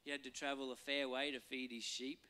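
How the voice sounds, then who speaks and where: A man, a pastor giving a relaxed, conversational sermon and acting out voices now and then. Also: mid-range voice, a little fast, smooth. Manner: conversational, acts out voices and quotes for humor.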